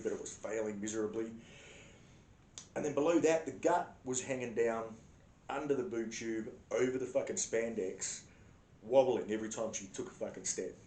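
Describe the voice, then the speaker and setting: An Australian man telling a crude comedic story in a blunt, sarcastic, heavily profane way. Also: warm tone. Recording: echoey room with faint rumble.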